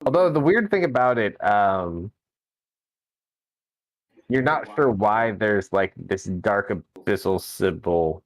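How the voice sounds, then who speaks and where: A man narrating as game master in a tabletop game, relaxed and halting, with frequent fillers. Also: on the low side, no echo, poor audio.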